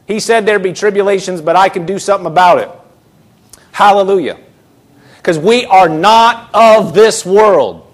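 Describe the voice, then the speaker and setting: A man preaching a sermon as a pastor, emphatic, repeating phrases and shifting between slow and rushed delivery. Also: high voice.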